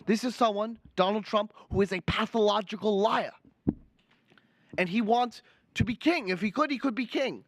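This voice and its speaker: A man's voice: sits high, moderate pace, no echo. A young man putting on an indignant older male senator with a Brooklyn accent, lecturing and repeating his outrage in a comic political impression. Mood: ranting. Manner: ranting, finger-wagging, repeats outrage lines. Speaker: student livestream presenter.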